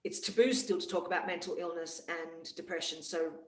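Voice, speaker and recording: A woman hosting a casual conversation, speaking in a soft, hesitant, reflective way. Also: fairly low pitch, fairly even intonation, brisk. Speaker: host. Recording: echoey, distant room sound.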